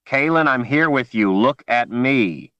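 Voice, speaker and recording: A man's voice: fairly low pitch, slow pace, dry recording, lo-fi sound. A man voicing a desperate young man pleading with a friend in an audiobook, with an urgent, earnest delivery. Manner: urgent, pleading, then calm and steady. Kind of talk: audiobook character reading.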